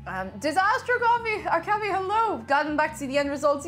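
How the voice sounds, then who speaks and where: A chatty woman hosting a live stream, her fairly high voice swinging up and down as she talks. She reads her viewers' messages aloud and breaks into bright exclamations. Soft music plays faintly behind her. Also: lively intonation, brisk, hardly any pauses. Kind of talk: casual live-stream chat while tasting food.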